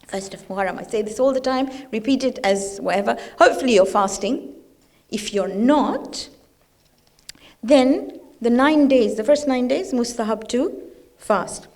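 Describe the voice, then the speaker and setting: Woman preaching to a crowd in a chatty way, fairly high voice, keeps asking them stuff. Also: measured pace, a little mellow. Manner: conversational, asks the audience questions. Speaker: religious speaker at a mourning gathering. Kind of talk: informal religious talk to a live audience.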